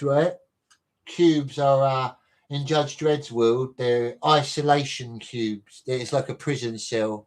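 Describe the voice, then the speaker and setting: A man hosting a relaxed livestream, reading entries aloud from a reference book. He reads slowly and haltingly, stumbling over words and repeating them. He breaks off now and then to greet viewers in chat, and his pitch sits in the middle range.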